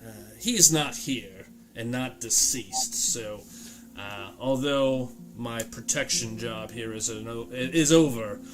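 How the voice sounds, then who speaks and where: A man's voice: mid-range voice, slow pace, music in the background, natural voice. A man voicing a polite, wary male mercenary bodyguard in a tabletop game. He speaks courteously, with a dry sarcastic edge. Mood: guarded.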